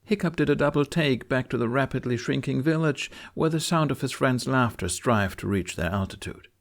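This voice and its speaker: A man narrating a fan audiobook chapter in a measured storytelling manner. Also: medium pitch.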